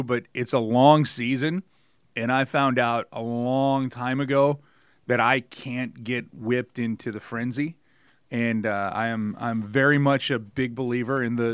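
A middle-aged man co-hosting a sports podcast, talking in a laid-back, jokey and animated way. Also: medium pitch, clear, resonant tone, dry recording, clean studio sound. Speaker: podcast co-host. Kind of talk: casual sports podcast chat.

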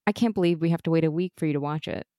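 An American woman co-hosting a podcast in casual chat, enthusiastic and quick to laugh. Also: sits low, mellow, no echo, clean studio sound. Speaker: podcast co-host.

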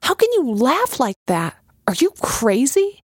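A woman's voice: high-pitched, a little slow, darkish tone, dry recording, studio quality, voice pushed up. A woman voicing an upset young woman who questions and protests in a raised, agitated voice. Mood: upset, indignant.

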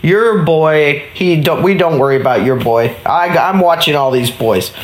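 Picture a folksy, reassuring building superintendent, a friendly man looking after the neighborhood kids, as a woman storyteller puts him on. The voice sits low and speaks plainly, recorded in a roomy space with a clear echo. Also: moderate pace, close to an everyday voice.

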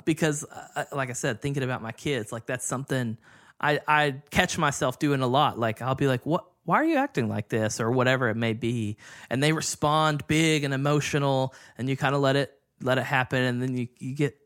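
Relaxed, chatty man with a mid-range voice. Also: medium pitch, a little fast. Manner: relaxed and conversational, many fillers, laughs easily. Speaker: podcast co-host. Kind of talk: casual Bible study discussion.

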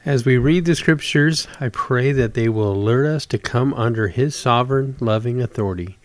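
A man preaching, reading scripture aloud in a measured, devotional way and telling short stories with acted-out voices. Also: medium pitch. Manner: acts out voices in told stories.

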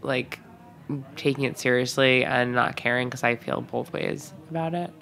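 A woman's voice: extremely low pitch, normal speed, creaky, a bit bright. A young woman co-hosting a podcast, chatting casually and joking, with lots of "like" fillers. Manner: chatty, jokey, many fillers. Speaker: podcast co-host. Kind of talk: casual chat.

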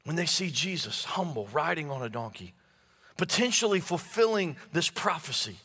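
Male preacher, high bright voice, stammering repeats, sinks to hushed tones, long church reverb. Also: big pitch swings, moderate pace, breathy edge. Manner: stammering restarts, repeats words while building emphasis; drops to low hushed tones for key phrases. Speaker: pastor. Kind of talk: sermon.

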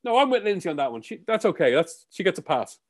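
A man's voice: high-pitched, very animated, quick pace. A young Irish man co-hosting a podcast in casual, jokey chat, laughing often and swearing freely. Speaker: podcast co-host.

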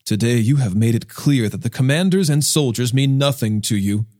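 A man reading the part of a stern, blunt army commander rebuking his king in a forceful, reproachful tone. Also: mid-range voice, moderate pace, natural voice.

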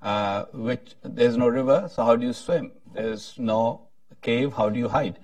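A man moderating a panel discussion, speaking haltingly with frequent restarts. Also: medium pitch, fairly even intonation, darkish tone, dry recording, far from the mic. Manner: halting, many restarts, tells a joke with voices.

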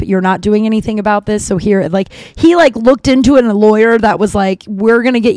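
A woman's voice: medium pitch, a little mellow, no echo. Woman in her 30s yakking away on a podcast, lots of "like", rambly asides, super dry close mic. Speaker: podcast host. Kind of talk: casual storytelling chat.

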